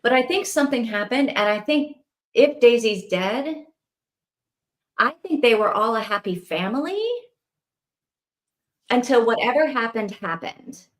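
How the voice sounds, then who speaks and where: A woman in a casual book club chat, calmly thinking through what might happen in the story. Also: on the high side, unhurried, pauses often. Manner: thoughtful, speculative.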